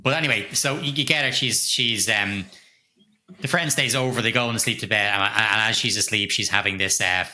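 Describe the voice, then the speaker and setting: A middle-aged man co-hosting a podcast, retelling a horror film's plot in an animated, casual way with plenty of swearing. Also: lowish voice, a little fast. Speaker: podcast co-host. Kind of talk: casual film review chat.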